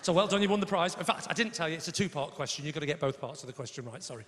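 Cheeky high-voiced male stand-up comic. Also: rapid-fire. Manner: cheeky, animated, shouts punchlines and mimics voices. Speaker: stand-up comedian. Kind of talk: stand-up routine with crowd work. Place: large comedy venue on stage. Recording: echoey live venue, audience noise.

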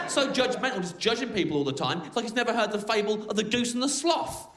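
A man's voice: sits high, expressive, fast, few pauses. A man doing stand-up comedy, telling an absurd rambling story in a sardonic manner. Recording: roomy club sound with loud crowd.

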